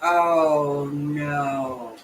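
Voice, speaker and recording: A woman with a drawl reacts to what she hears, blunt, exclaiming, and swearing often. Her voice sits on the low side. Faint ambient noise hangs behind her. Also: fairly even intonation, extremely slow, some chatter behind, rough recording. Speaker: channel host reacting to a livestream guest. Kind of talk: casual reaction chat.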